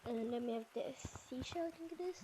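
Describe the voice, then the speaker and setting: A woman's voice: high-pitched, fairly quick, noisy background. A woman giving casual, rambling gameplay commentary as a channel host, with frequent fillers.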